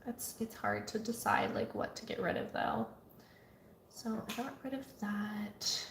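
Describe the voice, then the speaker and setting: A woman's voice: medium pitch, measured pace, vocal fry, a little hiss or hum. Chatty woman vlogging in an echoey studio. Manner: chatty, rambling, soft at times, yawning. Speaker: artist vlogger. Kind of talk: casual vlog talk. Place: home art studio.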